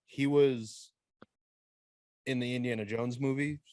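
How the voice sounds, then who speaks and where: Male co-host, mid pitch, dry close sound, relaxed and reflective. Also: measured pace, no echo. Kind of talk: casual chat.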